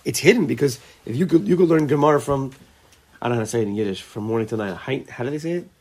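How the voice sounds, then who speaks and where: A man speaks in a mid-pitched, somewhat husky voice as he leads a relaxed study session. He thinks out loud, trips over and repeats small words, and drops Hebrew and Yiddish terms into plain English explanations. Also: rapid-fire. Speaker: teacher leading a study group. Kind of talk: informal Torah class.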